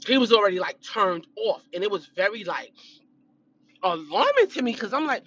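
Bright gossipy woman recapping drama. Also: medium pitch, sing-song, moderate pace, highs cut off. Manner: chatty, gossipy storytelling. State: congested, clearing throat. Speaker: reality show recapper. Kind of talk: casual chat.

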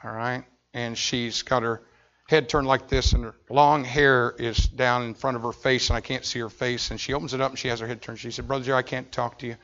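A man preaching a sermon as pastor, telling a story with intense swings from shouting to hushed tones. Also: medium pitch, flat delivery, brisk, dull audio.

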